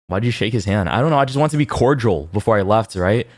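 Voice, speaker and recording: A man's voice: fairly low pitch, no room sound, studio quality. A male streamer casually telling a story, rambling with lots of "like" and tag questions.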